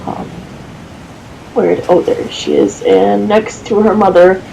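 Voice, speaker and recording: Slow, gravelly dungeon master, laughing often. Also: medium pitch, flat delivery, warm tone, a little hiss or hum, rough recording. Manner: laughs often, halting with many ums. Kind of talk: casual setup talk before a tabletop game.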